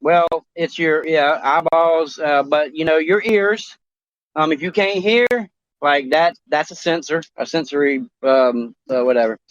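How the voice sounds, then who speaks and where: A man rambles through a crude talk show chat, halting and restarting, swearing freely. His voice sits a little high for a man. The recording is dry and dull, like a cheap mic. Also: no room sound.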